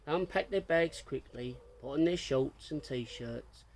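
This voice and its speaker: A man reading a story aloud in a steady, plain narrating voice. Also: on the high side, measured pace, a little hiss or hum, poor audio.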